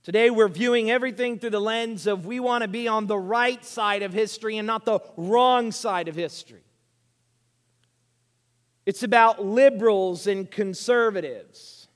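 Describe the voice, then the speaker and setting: A man with a very high voice preaches a sermon, dropping to quiet asides and then rising to loud, punchy statements. His voice carries a long reverb tail in a large hall. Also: unhurried. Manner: animated, swinging between hushed asides and loud emphatic lines.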